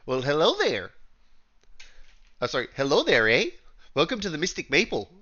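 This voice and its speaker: A man puts on a bubbly Canadian woman who runs a fantasy magic shop, all welcome and fuss, with "eh?" tagged onto her lines. The voice is pitched up high and sits bright and forward. The recording sounds dull and lo-fi. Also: huge pitch swings, normal speed, heavily acted. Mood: cheery.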